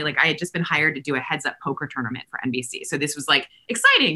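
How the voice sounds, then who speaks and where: A woman in her forties telling lively stories in casual conversation, laughing often and acting out the people she quotes. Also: low-pitched, quick pace, hardly any pauses. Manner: animated, laughing, acts out quoted voices. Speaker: podcast guest.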